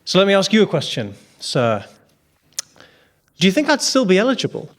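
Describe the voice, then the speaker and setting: A slightly high-voiced man from the West Midlands tells a comic anecdote as a panel guest. He builds the story with halting pauses and quoted exchanges. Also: wildly swooping pitch. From West Midlands, England. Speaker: comedian, panelist.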